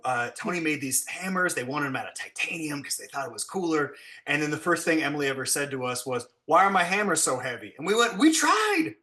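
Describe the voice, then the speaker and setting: Bright, animated man telling stories. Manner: animated, acts out quotes with big pitch jumps. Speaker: guest, special effects blacksmith. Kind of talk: casual storytelling.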